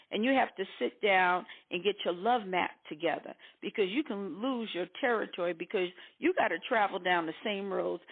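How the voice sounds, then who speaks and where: Woman cohost chatting about faith, preachy and lively, sounds like it's over a phone line. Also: medium pitch. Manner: preachy, animated, acts out quoted voices. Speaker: co-host. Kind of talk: casual talk show chat. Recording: tinny phone-like audio.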